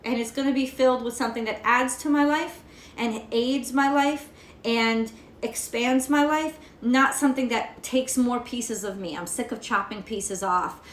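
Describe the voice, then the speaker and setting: A woman's voice: fairly high pitch, moderate pace, slight background noise. An American woman reading tarot cards in a casual vlog, rambling and cursing freely as she rants. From United States. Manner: profane ranting, rambling. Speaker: tarot reader. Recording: echoey room.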